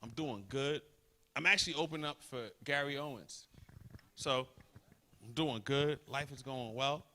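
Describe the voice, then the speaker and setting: A man doing stand-up comedy on a live stage, teasing the crowd loudly and then dropping into hushed asides. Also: medium pitch, a little slow, a little hiss or hum. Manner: loud, teasing, swings from shouting to hushed asides.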